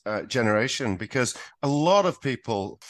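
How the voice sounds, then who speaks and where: A man hosting a casual chat show, affable and quick with agreeing murmurs. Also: mid-range voice, expressive, a bit bright, dry recording. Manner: affable, lots of "mm-hmm" backchannel. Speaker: host.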